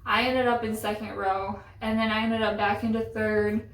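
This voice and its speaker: A woman's voice: medium pitch, level tone, moderate pace. A young woman telling a story in casual chat, chatty and exasperated, with lots of "like". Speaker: vlogger. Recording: roomy echo, voice from a distance.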